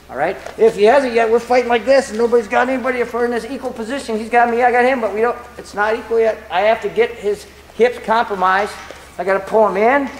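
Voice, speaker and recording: A man with a fairly high voice explains grappling drills and trades stories while demonstrating. He sounds lively and talkative. The recording comes from a roomy, echoing gym. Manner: animated, storytelling, demonstrates moves. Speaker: grappling coach. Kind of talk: mat-side technique instruction. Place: training gym. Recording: echoey gym, background noise.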